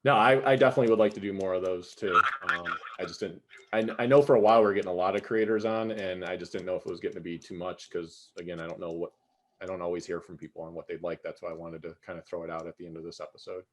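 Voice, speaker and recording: A man's voice: deep voice, steady tone, rapid-fire. A man hosting a podcast over a video call, easygoing and asking listeners what they would like. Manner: easygoing, encouraging, asks listeners for input. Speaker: podcast host. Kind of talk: casual chat.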